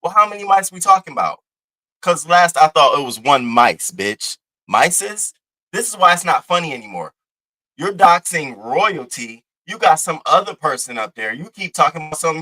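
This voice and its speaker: A man's voice: high-pitched, very animated, moderate pace, sharp tone, rough recording. A young man hosting a livestream, delivering brash, profane, taunting trash talk at a rival. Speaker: live-stream host. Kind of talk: heated livestream rant.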